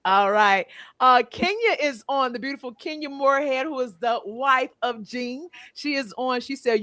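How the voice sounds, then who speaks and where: A woman's voice: sits high, normal speed, bright, forceful tone, no room sound. A woman hosting a casual livestream podcast, reading viewer comments aloud and laughing often. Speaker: podcast host.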